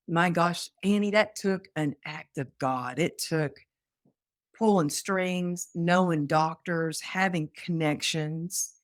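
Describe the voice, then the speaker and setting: A woman from Texas, guesting on an interview show, tells her own story with energy and acts out the voices she quotes. Her lowish voice takes its time, recorded in clean studio sound with no room echo.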